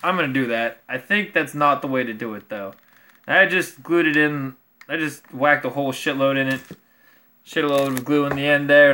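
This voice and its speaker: A man's voice: medium pitch, sharp tone. A man vlogging as he builds a craft project, rambling casually and swearing freely as he mocks himself. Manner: rambling, profane, self-mocking.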